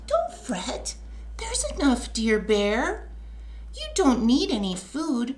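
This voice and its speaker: Fields: Figure: kind little mouse, voiced by a woman. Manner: gentle, reassuring. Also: high-pitched, wildly swooping pitch, slow pace, exaggerated voice. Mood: comforting. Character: small, kind, comforting mouse.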